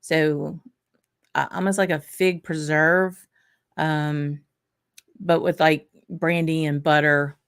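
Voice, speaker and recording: Southern woman host, low and gravelly, unhurried live-stream chatter with small laughs. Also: flat delivery. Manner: unhurried, thinking aloud, frequent small laughs. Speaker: whisky channel host. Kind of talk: casual live-stream tasting chat.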